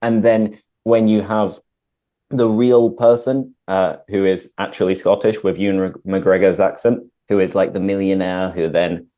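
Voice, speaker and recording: A young man with a British accent hosts an easygoing chat, his sentences loose and dotted with "like". His voice sits a little low, with a warm, darker colour. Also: normal speed. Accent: British English. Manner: relaxed, uses "like" often. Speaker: host. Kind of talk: casual conversation.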